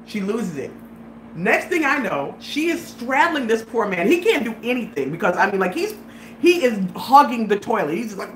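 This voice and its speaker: A woman hosts a casual chat, telling a story as an animated storyteller who laughs a lot and acts out voices. Her voice is a bit high and moderately paced, with reverb and a slight hiss or hum.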